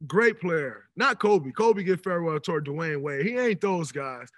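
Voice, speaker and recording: Animated man telling stories on a podcast. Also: a little high, a little slow, dry recording. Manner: animated storytelling, emphatic. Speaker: podcast guest. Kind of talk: casual podcast conversation. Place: podcast studio.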